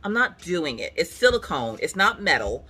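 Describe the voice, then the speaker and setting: A woman's voice: fairly low pitch, big pitch swings, moderate pace, sharp tone, slightly rough. Dramatic, comic woman telling a story. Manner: dramatic, comic, acts out the people in her story. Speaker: craft vlogger. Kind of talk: casual storytelling chat. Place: at home on a couch.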